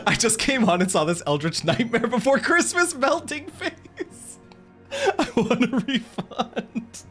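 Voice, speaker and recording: A man's voice: high voice, huge pitch swings, very slow, pauses often, a bit bright, faint music behind. A man streaming a game and chatting casually with his viewers, giggly and self-mocking, laughing often.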